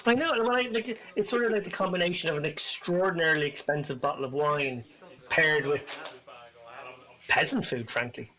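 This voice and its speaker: A man with a fairly high voice co-commentates live poker. He muses as he goes and often restarts his sentences mid-thought. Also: normal speed, bright, forceful tone, rough recording. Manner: musing, hesitant restarts.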